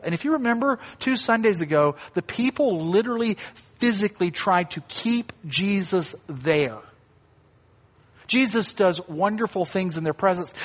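A man with a fairly high voice delivers a sermon in an easy, conversational way. He acts out the lines he quotes and drops in light asides. His voice carries a long reverb from the church around him. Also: fairly bright tone. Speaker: pastor.

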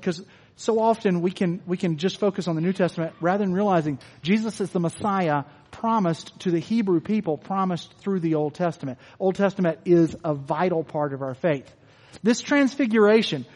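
A man preaching a sermon in a conversational, animated way, often restarting his phrases, to people in a church hall. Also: high-pitched. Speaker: pastor. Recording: long hall reverb.

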